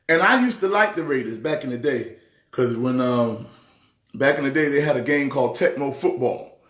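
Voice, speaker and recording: High-voiced excitable pastor in echoey room. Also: male voice. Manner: excitable, repeats words, preacher-like rhythm. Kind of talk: casual sports talk show.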